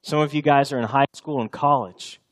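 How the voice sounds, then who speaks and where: A man in his thirties preaching a sermon as pastor, earnest, repeating key lines for emphasis and dropping soft for tender passages. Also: mid-range voice, fairly quick. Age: 30s.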